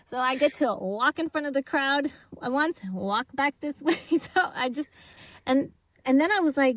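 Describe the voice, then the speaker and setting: A woman guest on a podcast, telling her story in a casual, animated way, acting out the people she quotes and laughing often. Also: high-pitched, normal speed.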